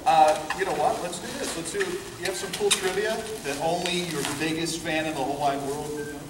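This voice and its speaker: A man's voice: a little high, steady tone, brisk. A man who hosts a talk show, moderating a convention panel in an upbeat, casual way. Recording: echoey hall from far off, noisy.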